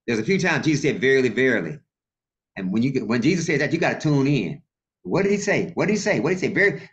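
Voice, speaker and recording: A male pastor preaching a sermon in a colloquial, animated way and calling out to his congregation. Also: mid-range voice. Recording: muffled lo-fi sound.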